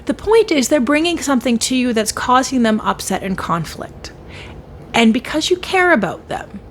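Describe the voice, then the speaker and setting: A woman's voice: on the high side, lively intonation, moderate pace, a little hiss or hum. A woman hosting her own podcast, talking earnestly about conflict and healing and acting out the replies she suggests. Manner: earnest, coaching, acts out quoted replies in shifting tones. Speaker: podcast host. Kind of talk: solo podcast talk on healing.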